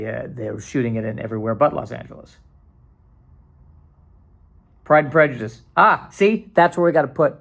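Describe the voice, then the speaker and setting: A male podcast host with a gravelly edge, talking loosely and sarcastically. He often restarts his sentences and slips into playful mock panic. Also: mid-range voice. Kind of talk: casual solo podcast rambling.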